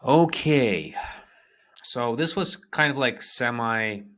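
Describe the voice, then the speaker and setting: Slow-talking man teaching a lesson. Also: mid-range voice, expressive, a bit bright. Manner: explains slowly with fillers and restarts. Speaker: language teacher. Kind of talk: lecture.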